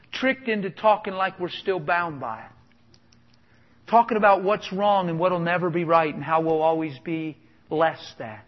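A man's voice: sits high, husky. A man preaching a sermon with exuberant, emphatic delivery, chuckling between points. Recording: dull lo-fi sound with long hall reverb.

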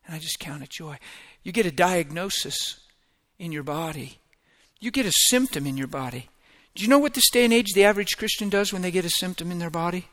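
A man preaching a sermon with an emphatic, repetitive cadence, swinging between hushed murmurs and rising, shouted exhortation. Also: sits high, lively intonation, fairly quick.

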